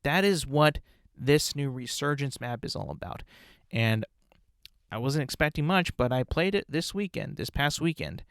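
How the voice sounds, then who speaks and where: A man's voice: medium pitch, lively intonation, normal speed, a bit bright, clear, resonant tone, no room sound, studio quality. A young man hosting his own podcast, ranting bluntly and profanely with lots of restarts and tangents. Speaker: podcast host. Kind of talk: casual solo podcast rant.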